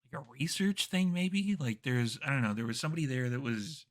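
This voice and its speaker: A man's voice: mid-range voice, expressive, brisk, natural voice. A man voicing a confused male ghost who has recently died, talking vaguely and hesitantly.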